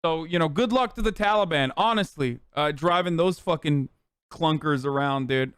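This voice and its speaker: Profane sarcastic streamer ranting. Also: male voice, a little high, fairly bright tone, clean tone, no echo, studio quality. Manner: profane, sarcastic, fast rants. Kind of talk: political commentary stream.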